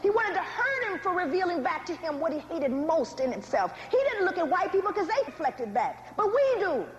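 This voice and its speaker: A woman giving a public lecture with animated, dramatic storytelling and direct asides to the audience. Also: very high-pitched, moderate pace, roomy sound, highs cut off, noisy background. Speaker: speaker.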